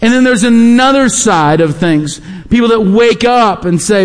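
A middle-aged male pastor delivers a sermon in a large church hall. His voice sits fairly high and rings with long reverb. He drives points home by repeating key words. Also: lively intonation, measured pace.

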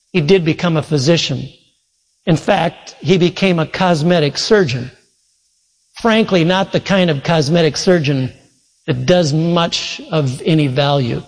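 Earnest preacher in a reverberant hall. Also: male voice, a little high. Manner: earnest, retelling a story with quoted dialogue. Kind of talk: sermon storytelling.

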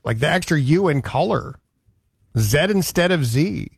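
A man's voice: on the high side, lively intonation, a little fast, gravelly, slightly rough, no room sound. A man from Canada hosting a radio show, chatting in a rambling, conversational way. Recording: dry studio sound.

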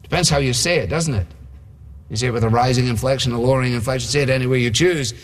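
A male preacher with a mid-pitched voice delivers a relaxed, conversational sermon and keeps asking rhetorical questions. A long reverb from a big hall hangs after his words. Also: fast.

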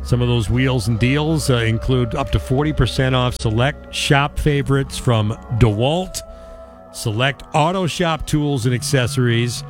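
A man's voice: medium pitch, unhurried, music in the background. A man co-hosting a radio show, reading ads and trivia in a casual chat with dry quips. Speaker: radio co-host.

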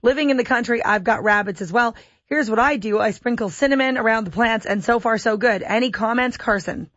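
A woman's voice: a little high, fairly quick, a bit bright, no echo, lo-fi sound. A woman radio host reading listener questions aloud and teasing her guest in a playful way. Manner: playful, reads messages aloud and teases.

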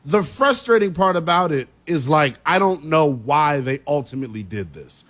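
A man hosting a sports talk radio show, emphatic and quick to laugh as he argues his takes. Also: on the high side. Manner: animated, emphatic, laughs easily.

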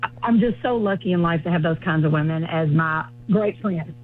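Over a tinny phone connection, a Southern comedian guest chats in a folksy, bubbly style, her lowish voice moving fairly quickly. Soft background music can be heard.

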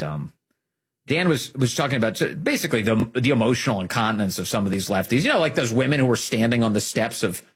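Male political talk host, rough husky voice, lively swinging delivery. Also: fairly low pitch. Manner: emphatic, animated, rising to urgent peaks. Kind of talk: conservative political commentary.

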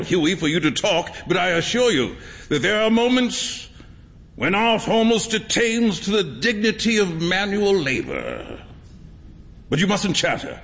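A man putting on a flamboyant, theatrical painter who exclaims every phrase, raised high with wide leaps in pitch. The voice rings in a long, hall-like reverb, as in a storybook reading. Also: a bit bright, full character voice. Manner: emphatic, exclaiming. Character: exuberant, theatrical male painter.

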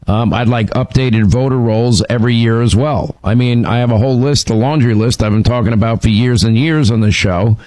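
A man's voice: medium pitch, brisk, hardly any pauses, darkish tone, no echo, low-quality recording. Radio host, man; emphatic, restarts often; dry studio mic. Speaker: radio talk show host. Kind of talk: call-in talk radio. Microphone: studio microphone.

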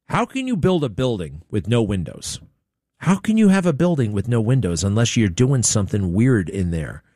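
A man's voice: lowish voice, darkish tone, no room sound, clean studio sound. A man hosting a talk radio show, rambling through opinionated commentary with mocking, sarcastic asides.

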